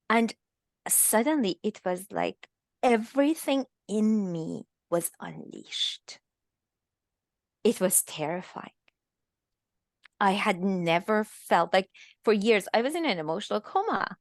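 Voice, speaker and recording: Woman from Iran with a gravelly voice. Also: medium pitch, animated, no room sound, studio quality. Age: 50s. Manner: halting, emotional storytelling with many restarts. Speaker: guest. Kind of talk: personal testimony in a virtual talk. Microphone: video call.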